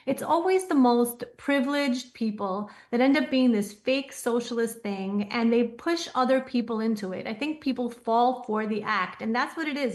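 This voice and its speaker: A woman appearing as a guest commentator on a talk show, giving firm, dismissive opinions. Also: fairly high pitch.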